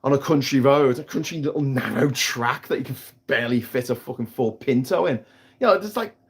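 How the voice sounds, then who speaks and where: A man's voice: medium pitch, fairly quick, breathy edge. Sweary British man ranting on a livestream. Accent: British English. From Britain. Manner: sweary, heated ranting with frequent restarts. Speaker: livestream host. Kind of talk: casual live-stream rant. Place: outdoors on an island by water.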